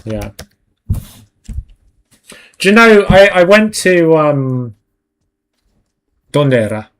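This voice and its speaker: A man's voice: a little high, sing-song, very slow, a bit bright, smooth. A young man hosting a livestream, chatting casually with viewers in a rambling way and laughing often. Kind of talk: casual chat.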